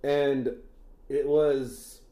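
A man's voice: medium pitch, level tone, very slow, warm tone, roomy sound. A man co-hosting a casual comedy podcast, talking loosely, swearing and laughing often. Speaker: podcast co-host.

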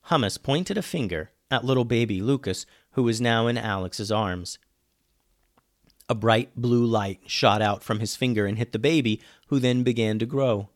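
A man reading a children's adventure story aloud, lively, dropping low and quiet on the narration tags. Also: moderate pace, dry recording, clean studio sound.

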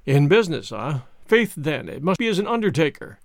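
A man's voice: fairly high pitch, big pitch swings, brisk, dry recording, clean studio sound. A man reading aloud, voicing a genial, gallant young English lord with a hearty, genteel manner.

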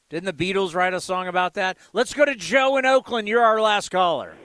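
A man hosting a sports call-in show on the radio, upbeat as he takes callers. His voice is bright and crisp. The studio sound is close and dry. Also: sits high, expressive, a little fast, hardly any pauses, no echo.

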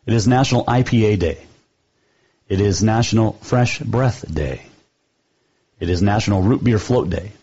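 Male sports talk host, rambling casual monologue, slightly low and husky, dull lo-fi sound. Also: moderate pace, long pauses, warm tone. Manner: chatty, rambling, fond of trivia.

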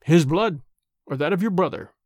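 A man voicing a sly, urbane and sarcastic French agent who speaks with quiet, mocking courtesy. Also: on the high side, expressive, normal speed, dry recording, clean studio sound.

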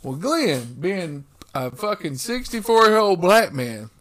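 A man's voice: high-pitched, sing-song, unhurried, a bit bright. A man in casual chat, telling a workplace story with heavy swearing and acted-out quotes.

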